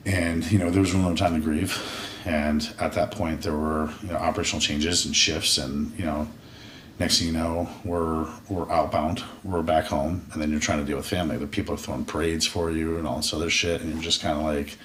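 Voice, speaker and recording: A very low-pitched man in his forties, recorded from a distance in a roomy space with a faint hiss behind him. He talks like a candid, profane veteran, telling his story casually and acting out his past thoughts in quick quoted asides. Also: fairly even intonation, a bit bright. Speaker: podcast guest, military veteran. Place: podcast studio room. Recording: roomy sound from a distant mic with faint noise.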